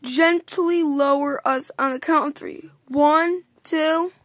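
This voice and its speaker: A male wolf who leads the gang, read by a woman in her own high voice. Her reading stumbles and restarts. The sound is dry and close. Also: steady tone, fairly bright tone, no room sound. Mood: leading, suspicious. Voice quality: read aloud haltingly.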